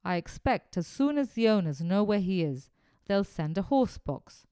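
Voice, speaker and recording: A man's voice: high-pitched, moderate pace, clean tone, no room sound. Brief: plucky schoolboy, voiced by a woman narrator, bouncy, dry sound. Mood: earnest. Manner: excited, breathless commentary. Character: eager schoolboy, brave and gentle.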